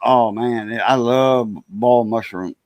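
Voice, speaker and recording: Man chatting casually, mid-pitch voice, easygoing, dry sound. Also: steady tone, takes it slowly, a little mellow, no echo. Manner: easygoing, talks fondly about cooking. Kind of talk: casual chat.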